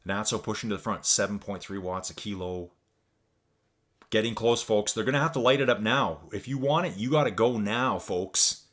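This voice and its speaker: A Canadian man in his forties, with a lowish, fairly bright voice at normal speed, casually and cheerfully narrates a virtual cycling race. He talks a lot and often refers to the audience as folks.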